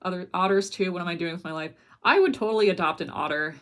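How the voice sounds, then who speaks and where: A woman with a slightly lower-than-average voice chatting on a livestream. She is bubbly and giggly, and she reads her viewers' questions aloud before answering them in a relaxed, casual way. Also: fast. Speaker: animator streaming live and answering chat.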